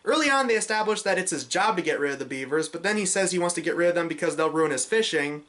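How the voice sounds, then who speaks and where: A woman's voice: on the low side, lively intonation, quick pace, a bit bright. A woman from New York reviewing a film in snarky, mocking commentary. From New York, USA. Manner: snarky, mocking, growing exasperated. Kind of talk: sarcastic movie review commentary.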